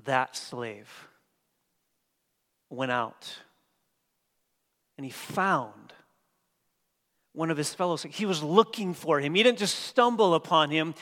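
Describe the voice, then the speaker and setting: A man preaching a sermon as pastor, dynamic, swinging from hushed passages to emphatic ones. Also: a little high, lively intonation, slow pace, long pauses. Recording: long hall reverb.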